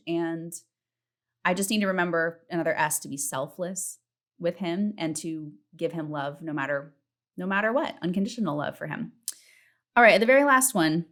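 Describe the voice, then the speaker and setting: A woman in her thirties hosting a casual solo podcast from home, chatty and candid, swearing freely and acting out her self-talk in a high voice. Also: a bit bright. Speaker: podcast host. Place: home, partner in the next room.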